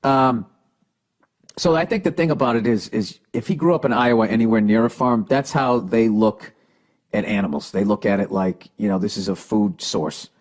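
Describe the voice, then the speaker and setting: A man's voice: fairly low pitch, normal speed. Blunt, profane man with a Boston accent. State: has the hiccups. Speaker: podcast host reading listener letters. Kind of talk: casual podcast advice rant.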